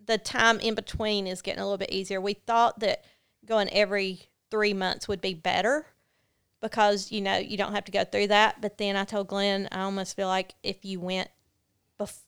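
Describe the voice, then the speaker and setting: A woman speaks as a podcast guest with a strikingly clean, clear voice at an ordinary pitch. She tells her story earnestly and candidly, pausing on fillers as she goes. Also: flat delivery, fairly bright tone. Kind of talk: personal storytelling in a podcast interview.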